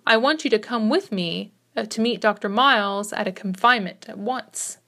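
A woman's voice: medium pitch, normal speed, fairly bright tone, natural voice. A woman voicing an anxious young husband urgently calling for a doctor in a read-aloud story. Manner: urgent, earnest.

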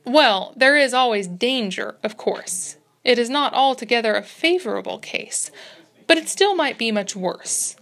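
A woman voicing a confident, genial male doctor from a storybook, chatting away calmly. The voice sits a little high, and it is read at an easy, unhurried pace. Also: gravelly, exaggerated voice. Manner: easy, talkative bedside chatter.

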